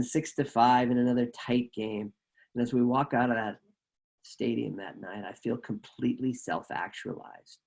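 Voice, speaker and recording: A man telling a personal story at a live show, animated and acting out the people he quotes. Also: medium pitch.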